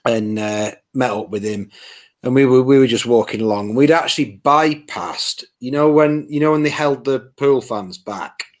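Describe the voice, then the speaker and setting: A male podcast co-host chats casually, telling a story animatedly and acting out what people said. He speaks at a medium pitch and a moderate pace.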